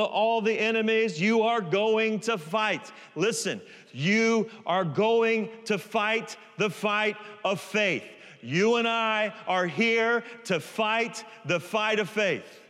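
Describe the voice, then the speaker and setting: A man's voice: sits high, sharp tone. A man preaching a sermon in a church, emphatic, and he keeps asking the congregation to call the words back. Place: large church hall. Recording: reverberant church hall.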